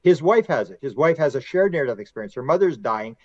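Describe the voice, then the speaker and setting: A middle-aged man, a podcast guest and author, telling long stories in a rambling, animated way and acting out quotes. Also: medium pitch, fairly quick, no room sound, muffled recording. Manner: animated, rambling storyteller who acts out quotes. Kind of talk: casual conversational storytelling.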